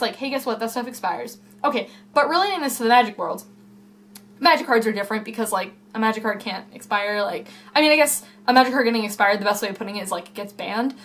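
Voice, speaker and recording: A woman's voice: a little high, a bit bright. A young woman chatting casually to camera at home in a vlog, rambling and full of fillers. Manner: rambling, filler-heavy, self-interrupting. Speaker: YouTuber. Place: home room.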